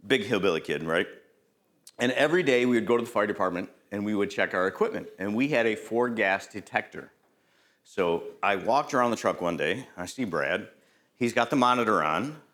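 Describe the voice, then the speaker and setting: A middle-aged man giving a conversational safety lecture, quizzing the audience and tossing in "right?" as he tells stories from the job. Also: on the low side. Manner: storytelling with lively anecdotes. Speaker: safety trainer.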